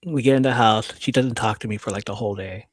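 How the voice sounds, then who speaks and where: Man telling a story, loud bursts and hushed asides. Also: lowish voice, fast talker, no echo, clean studio sound. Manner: animated, swings between loud bursts and hushed asides, swears freely. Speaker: podcast host. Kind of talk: casual storytelling. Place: live podcast studio.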